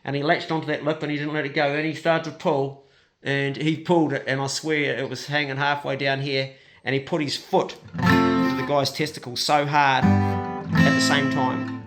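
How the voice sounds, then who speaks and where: A man telling a story in a rambling, colloquial way. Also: fairly high pitch. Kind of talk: casual spoken storytelling. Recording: loud guitar music behind.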